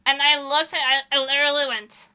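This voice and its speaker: Doing nail art on stream, a young woman chats casually, laughing often and acting out her stories with dramatic retellings. She talks fairly quickly in a high, sharp voice that keeps a level tone.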